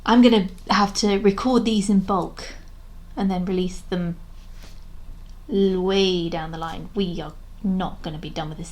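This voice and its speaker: A woman's voice: fairly low pitch, fairly even intonation, a little slow, a little mellow, a little hiss or hum. A young woman giving a casual vlog commentary, talking frankly and rambling with many restarts, sounding exasperated. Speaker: video creator reviewing a historical drama.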